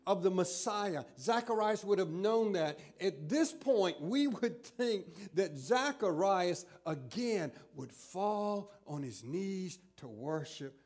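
A man preaching a sermon, reading scripture aloud and retelling it with expressive storytelling. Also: high-pitched, slow pace, hardly any pauses.

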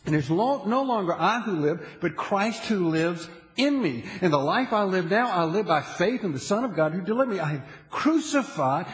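A high-pitched male pastor delivers an animated sermon, repeating himself and checking in with the congregation. His voice rings out with a long reverb tail across a church hall. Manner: animated, asks the audience "okay?" often; repeats and restarts phrases.

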